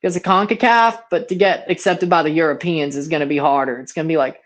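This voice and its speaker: This livestream host is a 21-year-old from Mississippi, USA, with a nearly Southern American accent and a fairly bright, highish voice. He talks quickly with fairly even intonation, calling plays and rambling bluntly in slangy chat during a watchalong.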